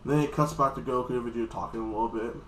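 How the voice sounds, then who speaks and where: Man, casual anime recap, rambling, mid-pitched, echoey room. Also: fairly even intonation, fairly bright tone, slight background noise. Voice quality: acts out characters' lines in quick voices. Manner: loose, rambling, repeats "like this". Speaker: anime reviewer.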